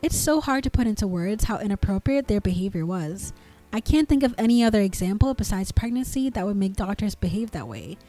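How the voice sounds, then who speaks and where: A woman narrator reading forum comments aloud in an indignant, expressive way. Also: medium pitch, a little fast, faint music behind. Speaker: narrator reading online posts.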